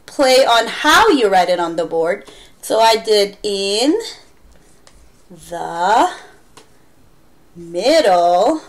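Woman ESL teacher, unhurried and fairly high-voiced, casual chatty demo. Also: a bit bright. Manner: chatty, demonstrates with exaggerated gasps and wows.

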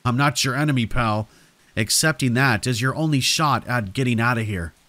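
A man's voice: medium pitch, moderate pace, bright, forceful tone, no echo, lightly acted. A man playing a giggling, unhinged stranger. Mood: sly. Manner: giggling, snickering, pushy and frantic. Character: creepy, unhinged middle-aged male stranger.

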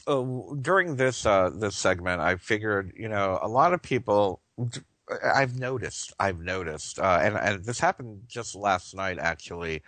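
A man's voice: fairly low pitch, lively intonation, normal speed, a bit bright, dry recording, poor audio. A man hosting a live radio talk show, talking earnestly and rambling, with frequent restarts and chuckles.

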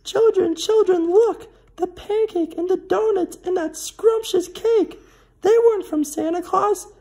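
A young man voicing an excitable mother hen in a read-aloud storybook, squealing in a very high, loud voice. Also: unhurried. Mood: excited.

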